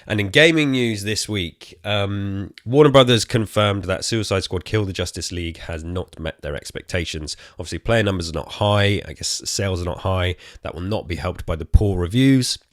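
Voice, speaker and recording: Low-voiced British man, slightly out of breath. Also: normal speed, hardly any pauses, no room sound, clean studio sound. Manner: rambling, chatty, self-correcting asides. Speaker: podcast host. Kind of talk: casual solo gaming podcast chat. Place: quiet room at home.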